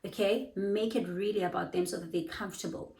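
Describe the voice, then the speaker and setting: A woman's voice: fairly low pitch, fast talker, roomy sound, poor audio. A young woman, a bubbly online English tutor giving casual teaching advice and acting out little dialogues. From South Africa. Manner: bubbly, lively, acts out dialogues.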